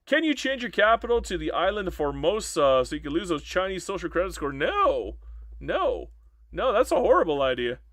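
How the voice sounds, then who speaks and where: Male streamer, live gameplay commentary, playful mock-complaining, very animated, bright tone. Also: high voice, moderate pace, dry recording, studio quality.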